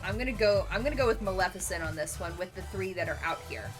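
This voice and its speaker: A woman's voice: lowish voice, lively intonation, quick pace, soft background music. A woman hosting a board game show, casually talking through each move she makes. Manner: explains her moves step by step. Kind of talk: casual chat while playing a board game.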